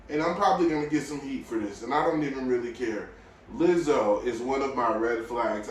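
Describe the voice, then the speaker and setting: A man hosting a podcast, talking casually in a blunt, opinionated way that swings between low mutters and loud outbursts. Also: slight background noise. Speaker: podcast host. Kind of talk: casual solo podcast rant. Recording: very echoey room, mic at a distance.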